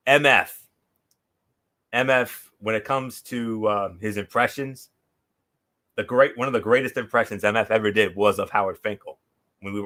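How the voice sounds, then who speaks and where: A man's voice: fairly low pitch, sharp tone. A man hosting a casual wrestling talk show, rambling through memories with many fillers and restarts. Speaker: podcast host.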